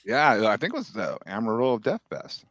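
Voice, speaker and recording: A man's voice: medium pitch, sing-song, fairly quick, a bit bright. Man with a dull, lo-fi sound, telling stories. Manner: profane, laid-back storyteller. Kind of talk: casual chat.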